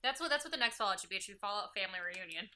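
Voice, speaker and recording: A woman's voice: mid-range voice, animated, racing, crowd noise. A woman co-hosting a casual gaming podcast, throwing in teasing, sarcastic quips. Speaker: co-host.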